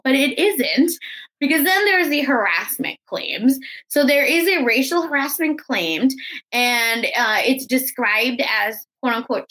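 A woman co-hosting a podcast in casual chat, animated and reading out quotes. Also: high voice, poor audio. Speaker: podcast co-host.

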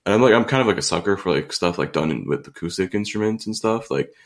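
A man's voice: on the low side, lively intonation, fast. A young man co-hosting a podcast, rambling casually through a song review with lots of fillers. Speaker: podcast co-host. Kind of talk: casual music review chat.

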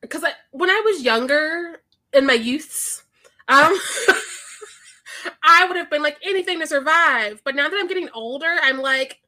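A woman in her thirties co-hosting a movie podcast, chatting casually, laughing often, swearing and acting out what characters said. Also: high voice. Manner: animated, laughing, swears, acts out lines. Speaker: podcast co-host. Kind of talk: casual movie review chat.

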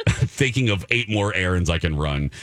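A man's voice: deep voice, moderate pace, no room sound. A middle-aged man co-hosting a radio show, chatting casually and acting out people's lines as he tells his stories. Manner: animated storyteller, acting out quotes in a raised voice. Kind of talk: casual chat.

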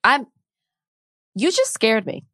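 A woman's voice: fairly high pitch, huge pitch swings, takes it slowly, a bit bright, no echo, clean studio sound. A woman co-hosting a podcast, talking casually and with exasperation about politics, repeating herself as she goes. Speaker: podcast co-host.

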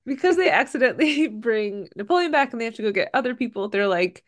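A woman's voice: on the high side, expressive, quick pace, hardly any pauses. A woman co-hosting a casual podcast, recapping a movie plot from her notes in a chatty way with filler ums. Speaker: podcast co-host.

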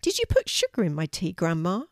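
A woman's voice: on the low side, wildly swooping pitch, brisk, no room sound, clean studio sound. A woman voicing a cheerful, kind young girl in a storybook reading, eager and polite.

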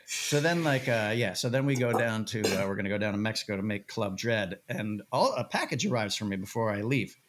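A man's voice: on the low side, brisk. A man on a podcast, telling a story with lots of swearing and acting out the voices of the people in it. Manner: animated, swearing, acts out quoted voices. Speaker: podcast guest. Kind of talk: casual storytelling.

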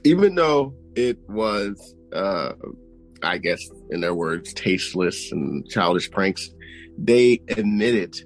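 A man's voice: lowish voice, animated, slow, faint music behind, rough recording. Emphatic man on a podcast. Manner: emphatic, reacts with short exclamations. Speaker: podcast co-host. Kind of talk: casual podcast chat.

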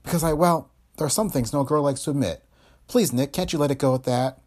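A man voicing a nervous young actress, breathy and stammering, in an audiobook of a detective story. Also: fairly high pitch, a little fast, a little mellow, pitched above the performer's own voice, lightly acted. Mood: rueful. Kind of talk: audiobook character voice.

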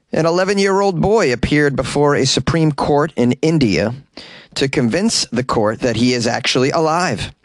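A man with a raspy voice, a comedian hosting a news podcast, who reads odd stories and adds wry, incredulous jokes. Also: fairly high pitch, no echo. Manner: wry, incredulous, joking asides. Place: small closet. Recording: dry closet recording.

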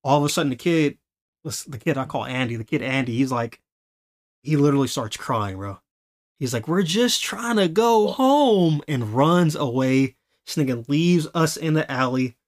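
A man hosting a podcast, telling a story in a casual, animated way. He laughs often and acts out the voices of the people he quotes. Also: mid-range voice, normal speed. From Los Angeles. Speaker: podcast host.

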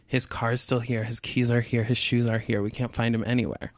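A man telling a rambling anecdote in casual chat, with lots of "like" and a breathless, animated delivery. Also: mid-range voice, fairly quick, no echo.

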